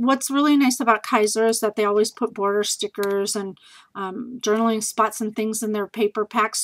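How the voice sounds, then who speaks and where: A woman casually chatting in a home video as she shows off scrapbooking supplies she bought, bubbly and gushing, with lots of fillers and quick asides. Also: on the high side, a bit bright, low-quality recording. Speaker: scrapbooking vlogger showing a craft haul. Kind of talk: casual haul video chat.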